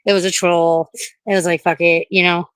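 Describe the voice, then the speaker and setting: A woman's voice: on the low side, little pitch movement, moderate pace, clear, resonant tone, no room sound. Woman streamer outdoors at night, breathless and scared, curses freely, dry close sound. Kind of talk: casual livestream chat.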